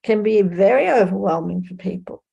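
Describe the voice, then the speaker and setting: A woman's voice: medium pitch, moderate pace, vocal fry, mellow, dull audio. A woman hosting a casual online interview, asking long rambling questions and affirming her guest supportively. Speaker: interview host.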